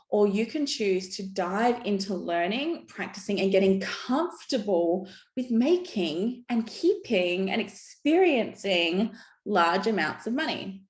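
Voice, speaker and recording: A woman in her thirties giving a frank, upbeat motivational talk on money as a coach. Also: mid-range voice. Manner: frank, upbeat, peppered with "right?". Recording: roomy echo.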